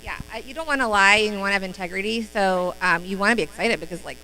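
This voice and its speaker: Chatty woman trainer, upbeat and bright, rambles with fillers while coaching. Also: mid-range voice, fast, a little hiss or hum, low-quality recording. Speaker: sales team trainer. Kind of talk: casual training talk on a live stream.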